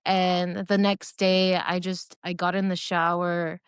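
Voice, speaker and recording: A guest recounts her faith testimony in casual, personal storytelling, emotional and earnest yet hesitant, often using fillers and starting over. Her voice is fairly low, level in tone, clear and resonant, and she takes it slowly. There's no echo; the studio sound is clean.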